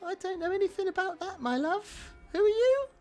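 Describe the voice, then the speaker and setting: A man's voice: expressive, a little fast, darkish tone, soft background music. A man voicing a kindly old woman with white hair. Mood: gentle. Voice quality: quavering falsetto. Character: sweet elderly woman answering the door.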